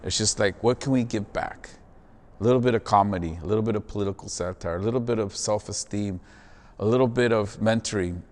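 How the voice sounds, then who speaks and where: Earnest low-voiced man in echoey hall. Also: brisk, a little mellow. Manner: earnest, says "man" and "bro" often. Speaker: theater performer and guest. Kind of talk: casual reflective interview.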